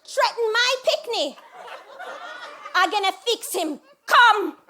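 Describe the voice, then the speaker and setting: Brief: a woman playing a blunt older mother, high, bright and loud, scolding in a lively stage voice. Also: slow pace, slight background noise, exaggerated voice. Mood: fierce. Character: fierce older Jamaican mother with a machete.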